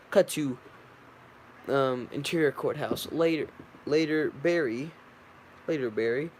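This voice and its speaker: A man's voice: mid-range voice, unhurried, slight background noise. Man stumbling through a script read. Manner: stumbling, self-correcting, with fillers. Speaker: reader. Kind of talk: reading a film script aloud.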